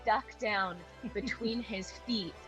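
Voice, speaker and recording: A woman's voice: mid-range voice, slow, a bit bright, faint music behind, poor audio. A woman playing a tabletop role-playing game, describing her character's attack with hesitant fillers. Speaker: player.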